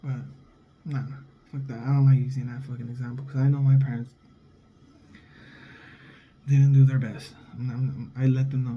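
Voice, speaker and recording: A man's voice: medium pitch, little pitch movement, normal speed, pauses often, dull audio, slight background noise. A young adult man and father, talking in a blunt, heated, profane casual monologue. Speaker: vlogger, father.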